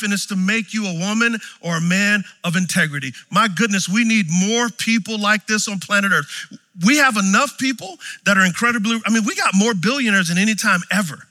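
A high-voiced man in his forties preaching with a bright, forceful tone. He tells stories animatedly, jumping from loud exclamations to hushed lines, and his voice rings through a long-echoing hall. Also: fairly quick. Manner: animated, storytelling, swings from shouts to quiet. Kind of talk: sermon.

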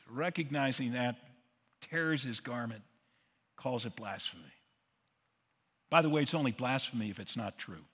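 A man's voice: medium pitch, pushed and bright, breathy edge, big-room sound. A man preaching a sermon as pastor, emphatic and full of rhetorical questions, leading the congregation to repeat lines back.

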